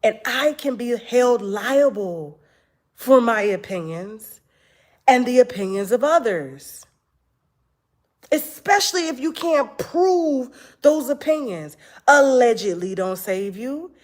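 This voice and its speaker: A woman in a casual talk-show monologue, retelling conversations with lively, profane energy. Her voice sits a little high for a woman. She jumps into other people's words as she quotes them. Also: slow. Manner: animated storytelling, acts out quotes, profane. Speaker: online talk show host.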